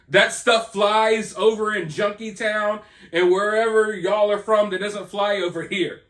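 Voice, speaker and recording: A man's voice: sits high, fairly bright tone. A man hosting a commentary video, ranting in a sarcastic, mocking way. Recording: roomy echo.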